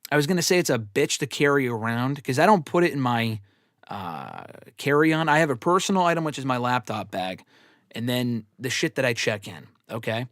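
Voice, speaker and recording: Answering fans' questions on a casual livestream, this wrestling show host spins long-winded, foul-mouthed stories that poke fun at himself. He speaks expressively at a moderate pace in a mid-range, fairly bright voice, recorded at studio quality with no room sound.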